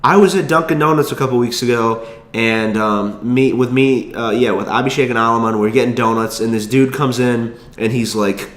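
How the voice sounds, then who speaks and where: A man's voice: mid-range voice, fairly bright tone, reverberant. A young man telling a rambling story in casual chat, swearing freely and restarting his sentences. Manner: rambling, profane, quick asides and restarts. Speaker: vlogger.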